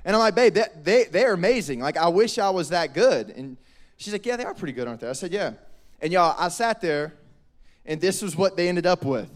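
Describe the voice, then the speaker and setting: A young man, preaching a lively, joking youth sermon. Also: high-pitched, a little fast. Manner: animated, joking, quotes people in voices. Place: church hall.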